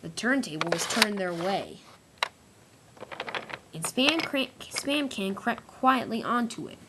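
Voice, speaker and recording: A woman's voice: medium pitch, slow, very noisy. A woman narrating a homemade toy-train story in a casual way, with small slips and restarts.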